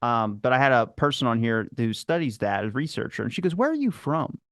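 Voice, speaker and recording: A man's voice: mid-range voice, fairly quick, a bit bright, clean tone, dry recording, studio quality. Chatty man with a Baltimore accent. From Maryland, United States. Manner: chatty, curious, rambling. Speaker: podcast host. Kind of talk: casual chat.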